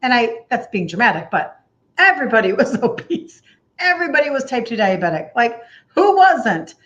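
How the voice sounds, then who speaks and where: A woman's voice: on the high side, big pitch swings, fairly quick, fairly bright tone, highs cut off. A woman in her fifties with a Minnesota accent, chatting casually as a health coach on a livestream, laughing often and filling gaps with "um" and "like". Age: 50s. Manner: chatty, laughs often, uses many fillers.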